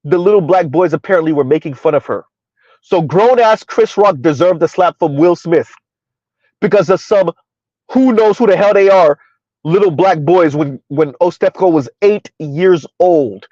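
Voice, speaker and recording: A man with a slightly high voice, talking through a casual commentary stream. He argues in rhetorical questions and keeps checking in with "right?" and "huh?". The sound is dry and a little dull, like a home setup with a modest mic. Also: normal speed, mellow, dry recording. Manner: rhetorical, repeats "who would have ever thought" and "right? huh?"; talks about himself in third person. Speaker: commentary host.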